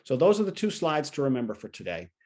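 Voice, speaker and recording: A man leads a coaching session over a video call, talking in a plain conversational way and slipping into short quoted lines from clients. His voice sits at an ordinary middle pitch for a man. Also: big pitch swings, fast, a little mellow. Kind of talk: teaching a training session.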